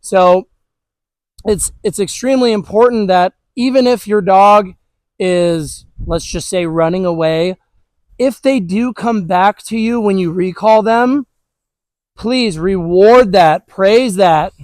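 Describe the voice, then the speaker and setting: A man with a notably high voice, chatting his way through an outdoor dog training lesson. His delivery is relaxed and loose, peppered with "all right" and "you know". The recording is dry and close. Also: slow pace, dry recording, rough recording. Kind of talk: casual instructional talk. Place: outdoors with dogs.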